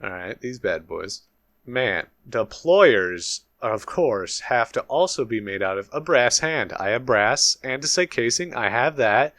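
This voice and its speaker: A man's voice: mid-range voice, lively intonation, unhurried, a bit bright, dry recording. A man giving solo gameplay commentary, thinking aloud as he works out recipes, swearing and mocking himself. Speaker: gaming YouTuber. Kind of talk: solo Let's Play commentary.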